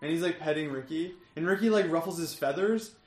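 A man's voice: fairly high pitch, brisk, reverberant, soft background music. A man running a tabletop game as game master, narrating the scene and laughing often.

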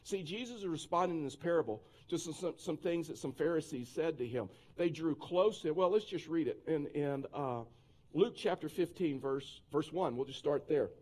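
Preaching in a somewhat high voice at a moderate pace, this male pastor recounts a personal story with energy, often restarting sentences and drifting into asides.

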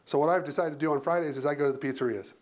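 A man's voice: a little high, steady tone, racing. A man working as an HR leader, speaking as a panel guest in short, emphatic phrases he often repeats.

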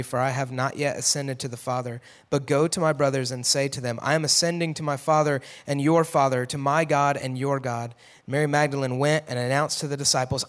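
A man with a high voice walks through a Bible passage like he's chatting with friends. He acts out the characters' lines with a lift in pitch, then drops quiet and soft when he wants a moment to land. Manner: conversational, acts out quotes in a raised voice, drops to a hush for emphasis. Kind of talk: casual Bible teaching.

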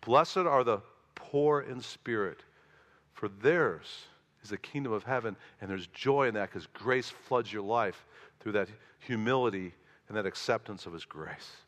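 A man preaching a sermon, telling an animated story and dropping quiet for prayer. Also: fairly low pitch, measured pace. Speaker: pastor. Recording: long hall reverb.

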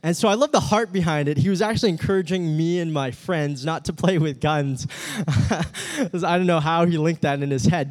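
Man, youth pastor, casual humorous sermon, chatty storytelling, lots of fillers, slightly high voice. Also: darkish tone. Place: meeting room with a live audience.

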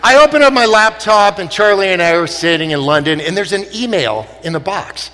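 High, bright-voiced man telling funny stories. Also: brisk, a little hiss or hum. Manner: animated, laughing often, exclamatory. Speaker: speaker. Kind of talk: comic storytelling talk. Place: stage in a large hall. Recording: long hall reverb.

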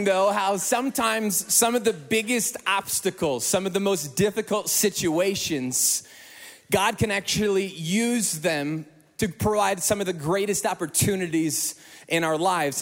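A man preaching to his congregation with a voice that sits high for a man. He tells stories with open emotion and animated delivery. His words ring out through a church with a long, trailing reverb. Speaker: pastor. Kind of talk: sermon.

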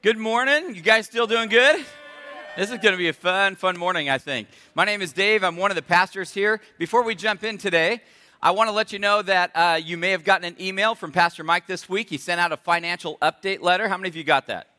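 Bright-voiced pastor preaching in a hall. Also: male voice, sits high, a little fast, soft background music. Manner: friendly, asks the congregation questions. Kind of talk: sermon. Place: church sanctuary. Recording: echoey church hall.

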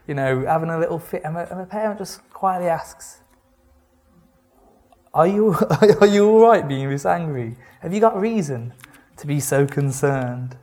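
A man giving a conversational sermon, reading scripture and retelling it with wry, animated asides. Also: on the high side. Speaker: preacher.

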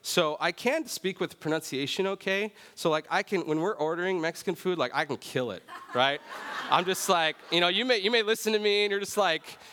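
A man preaching a sermon in a relaxed, conversational way, often checking in with "right?". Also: high-pitched, brisk, slight background noise. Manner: conversational, self-deprecating, often says "right?". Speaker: pastor. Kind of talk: sermon with personal story. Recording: long reverb of a large hall.

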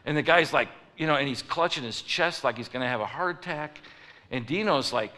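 A pastor speaking a little fast, in a sharp and fairly high voice, preaches a sermon full of stories and acted-out characters. The recording has the long reverb of a large hall.

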